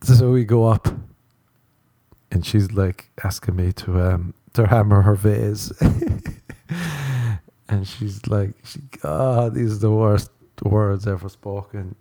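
A man's voice: on the low side, steady tone, slow pace, pauses often, warm tone. A young man hosting a solo comedy podcast, telling a rambling, profane story and laughing as he goes. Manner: rambling, profane, laughs through his own stories. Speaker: podcast host.

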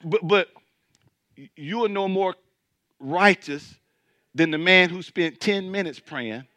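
A man's voice: high-pitched, slow, bright, forceful tone, no echo. A male pastor preaching a sermon to his church, in a colloquial, joking way.

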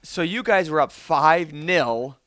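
A man co-hosting a sports talk show, asking questions and chiming in with quick agreement. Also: fairly high pitch, expressive, fairly bright tone, no echo, studio quality. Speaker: co-host. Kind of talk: casual sports interview.

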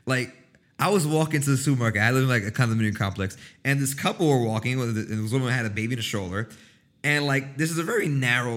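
Man rambling with a loud cackling laugh. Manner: rambling, swears often, loud high-pitched cackling laugh. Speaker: livestream host. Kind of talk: casual chat.

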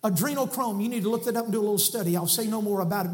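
A man with a Southern American accent preaching an impassioned sermon in a church, swinging between shouting and soft drops. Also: high-pitched, racing, hardly any pauses. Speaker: guest preacher. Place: church sanctuary.

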